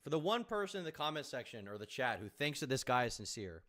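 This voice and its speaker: A male streamer talking casually over clips, his pitch bouncing all over as he mocks what he watches. His delivery is sarcastic and loose, with plenty of swearing. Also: big pitch swings, quick pace, a bit bright. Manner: sarcastic, mocking, swears freely. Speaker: streamer reacting to videos. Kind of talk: casual live-stream commentary.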